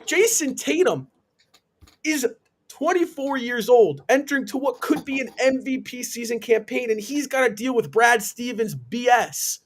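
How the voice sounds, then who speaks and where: A man's voice: extremely high pitch, animated, a little slow, slight background noise. A man on a live sports talk stream, ranting emphatically with indignant rhetorical questions. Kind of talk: heated sports opinion rant. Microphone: live stream call.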